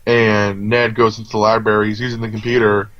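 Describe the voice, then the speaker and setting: A man's voice: fairly low pitch, level tone, brisk, no echo. A man co-hosting a casual movie review chat, rambling along with lots of fillers and restarts. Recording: dull, lo-fi sound.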